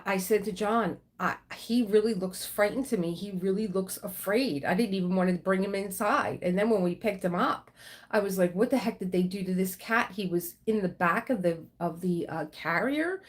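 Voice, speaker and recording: Chatty woman hosting a livestream. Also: on the low side. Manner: chatty, reads out viewer greetings. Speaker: livestream host. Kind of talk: casual livestream chat.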